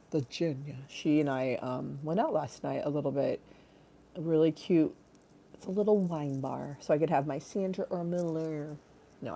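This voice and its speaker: A woman's voice: low-pitched, warm tone. A young adult woman hosting a casual live stream, rambling with bawdy jokes and frequent giggles. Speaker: livestream host.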